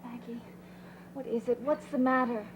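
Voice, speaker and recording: An actress playing a kind young caretaker who soothes and reassures. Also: female voice, a little high, fairly even intonation, normal speed, noisy background, natural voice. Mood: concerned. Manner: soothing, concerned. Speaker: caretaker friend.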